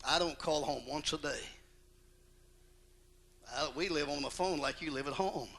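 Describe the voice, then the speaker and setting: Gravelly, forceful old-time preacher man. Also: fairly high pitch, moderate pace. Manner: folksy, emphatic preaching with rising outbursts. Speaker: pastor. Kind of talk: sermon to pastors and wives. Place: church auditorium.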